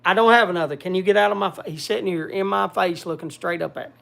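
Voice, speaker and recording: Gravelly high-voiced rambling man. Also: fairly even intonation, quick pace, a bit bright. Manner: rambling, restarts often, talks to his pet and viewers. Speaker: livestream host. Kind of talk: casual livestream chat.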